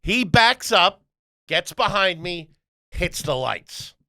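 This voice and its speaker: A man co-hosting a podcast, telling a profane, animated story full of quoted voices in casual chat. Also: high-pitched, slow pace, dry recording, studio quality. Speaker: podcast co-host.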